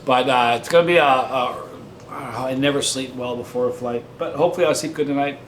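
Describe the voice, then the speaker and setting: A man's voice: mid-range voice, fast, fairly bright tone. A man hosting his own vlog, chatting casually to his viewers and telling jokes in a chatty, playful manner. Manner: joking, chatty storyteller. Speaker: vlog host. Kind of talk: casual talk to camera. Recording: roomy echo with faint noise.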